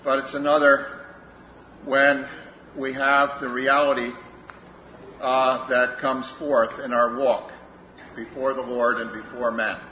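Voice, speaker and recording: A man speaking slowly and in a measured way in a Bible discussion. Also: mid-range voice, level tone, sharp tone. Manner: slow and measured. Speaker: participant in a Bible study. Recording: roomy, muffled, faint noise.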